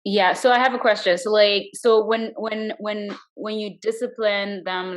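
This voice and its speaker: Woman podcast host, mid-pitched, easy laugh, casual questioning. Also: steady tone, unhurried, hardly any pauses, poor audio. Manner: laughs often, warm follow-up questions. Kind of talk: casual conversation.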